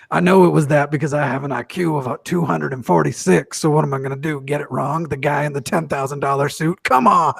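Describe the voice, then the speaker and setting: Gravelly man joking in casual chat. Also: on the high side, a little fast, a bit bright. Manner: jokey, doing mocking impressions.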